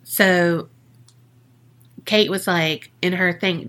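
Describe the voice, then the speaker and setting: A woman's voice: medium pitch, slow, pushed and bright. A woman hosting a podcast, telling a story in a casual, joking way with swearing and lots of fillers. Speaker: podcast host.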